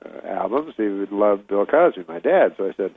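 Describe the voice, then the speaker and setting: A man from Canada, a guest comedian, telling a long, rambling story in a deadpan way, full of fillers and restarts. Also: fairly low pitch, moderate pace, breathy edge, no room sound, phone-quality sound. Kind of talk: casual storytelling.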